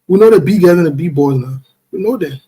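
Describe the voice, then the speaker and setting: Husky man hosting a live stream. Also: a little high, expressive, fast. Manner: playful, chuckling, shout-outs to viewers. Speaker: livestream host. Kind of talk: casual live-stream chat, reading out viewers.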